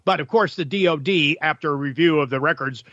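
A man's voice: on the high side, brisk, bright, forceful tone, no room sound, highs cut off. A male talk radio host delivering an opinionated, combative monologue full of sarcasm and rhetorical questions.

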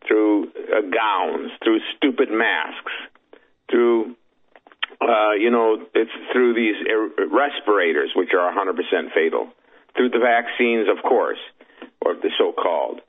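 Lively male guest on a phone line. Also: on the low side, breathy edge. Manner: lively, joking, rambling delivery. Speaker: radio show guest. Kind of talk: casual chat on talk radio.

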